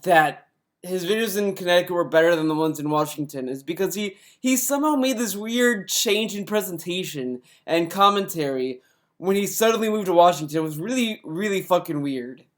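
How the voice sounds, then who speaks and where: A man's voice: sits high, animated, normal speed. Rambling man in casual commentary. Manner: rambling, many restarts and fillers. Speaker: commentary youtuber.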